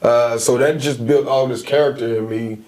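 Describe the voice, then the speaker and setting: A man's voice: mid-range voice, normal speed. Guy in his 40s on an interview, tells stories with a lot of punch. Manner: emphatic, animated storytelling. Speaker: guest. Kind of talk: casual interview conversation.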